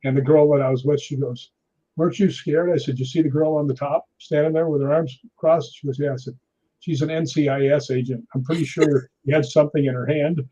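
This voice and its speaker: Husky man spinning an animated story. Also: on the high side, brisk. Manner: animated storyteller, tags lines with "right?". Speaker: guest. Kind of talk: storytelling in a casual interview. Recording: dull lo-fi audio.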